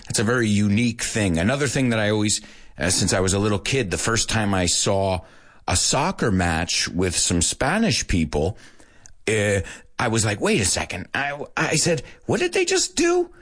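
A man's voice: lowish voice, moderate pace. A middle-aged American man hosting a radio show in a playful, chatty way for Spanish-speaking listeners. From United States. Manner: animated, playful, mixes Spanish in. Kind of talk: casual chat to Spanish-speaking learners.

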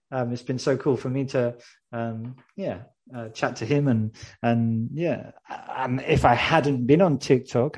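A man hosting a casual interview, talking in a relaxed way and often pausing with um and yeah. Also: mid-range voice. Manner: relaxed, many fillers like um and yeah. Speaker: host.

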